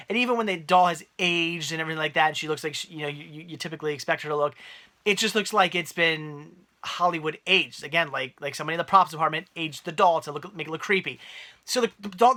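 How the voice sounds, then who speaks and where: Man, high voice, bright tone, casual movie review vlog, rambling and animated. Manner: rambling, animated, full of restarts.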